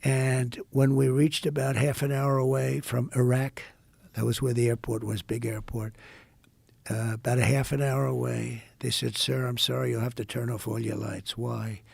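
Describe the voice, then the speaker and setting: An older man from the United States, a podcast guest, telling a rambling, repetitive story and acting out quoted dialogue in a hushed voice. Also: medium pitch, level tone, normal speed, creaky, breathy edge, no echo. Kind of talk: casual storytelling in an interview.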